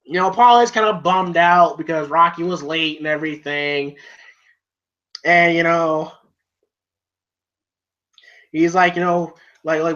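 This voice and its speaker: A man with a notably high voice gives a loose, casual movie recap, leaning on "you know" and "like" as he goes. The audio is dull and lo-fi, like a cheap home setup. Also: unhurried, pauses often, bright, forceful tone. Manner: rambling, full of "you know" and "like" fillers. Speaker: movie reviewer.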